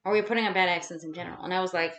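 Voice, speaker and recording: A woman's voice: on the low side, very fast. A young woman vlogging at home, ranting casually with plenty of swearing and fillers. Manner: rambling, swears freely, animated ranting with fillers. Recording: roomy echo.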